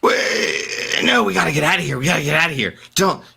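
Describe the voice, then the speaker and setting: A man's voice: a little high, expressive, fairly quick, creaky, pushed and bright, breathy edge, pitched above the performer's own voice, heavily acted. A man voicing a panicked doctor in the Old West who stammers and pleads. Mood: frantic.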